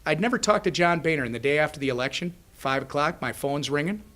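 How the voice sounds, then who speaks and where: Animated, bright-voiced man telling stories. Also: fairly high pitch, quick pace. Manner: animated storyteller who acts out dialogue. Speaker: congressman speaking at a business luncheon. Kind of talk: speech with anecdotes. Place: luncheon event.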